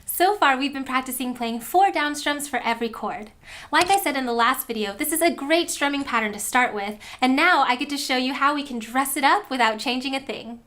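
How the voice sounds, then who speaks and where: A woman's voice: sits high, fairly quick, a bit bright, slight background noise. A woman teaching a guitar lesson, explaining step by step and counting out strums. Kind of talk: instructional lesson.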